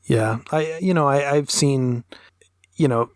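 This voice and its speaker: A man's voice: medium pitch, slow pace, no echo, clean studio sound. A man co-hosting a podcast, talking in a thoughtful, analytical way with long, winding sentences. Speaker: podcast co-host. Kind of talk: casual podcast discussion.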